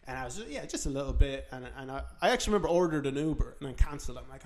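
A man's voice: medium pitch, expressive, racing. An Irish man hosting a podcast, telling a rambling, self-mocking story with lots of fillers. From Ireland. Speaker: podcast host. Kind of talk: casual comedic storytelling.

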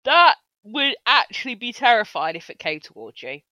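A woman co-hosting a comedy podcast, jokey and theatrically exasperated. Her slightly high, bright voice swings widely in pitch. She is recorded dry and close on a podcast mic. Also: very animated, normal speed, no echo, poor audio. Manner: exaggerated, exasperated and jokey, with frequent laughter. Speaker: podcast co-host. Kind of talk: casual comedic chat.

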